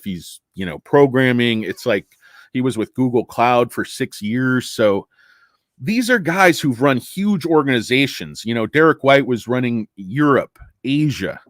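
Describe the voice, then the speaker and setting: A man's voice: mid-range voice, unhurried, no room sound, clean studio sound. A man hosting a casual stock market talk, rambling and joking, tired from lack of sleep. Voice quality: rambling, joking, self-deprecating. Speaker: stock market commentator host.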